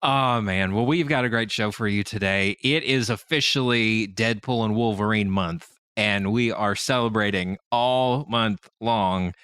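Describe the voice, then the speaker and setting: A man's voice: on the low side, measured pace, hardly any pauses, clean tone, no room sound. A man hosting a podcast in a casual chat, telling stories with lots of laughter. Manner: animated storyteller who laughs often. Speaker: podcast host.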